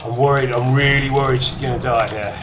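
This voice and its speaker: A man giving excitable, chatty let's-play commentary while gaming, addressing viewers. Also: mid-range voice, fairly quick. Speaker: gamer streamer. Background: game music.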